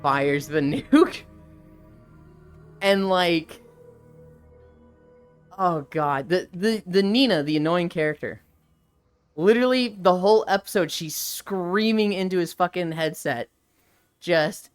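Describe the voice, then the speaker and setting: A young woman on a live stream casually retells an anime, adding lively, profane commentary and acting out quotes. Her voice is on the low side, and she takes it slowly with long pauses. Faint music plays behind her.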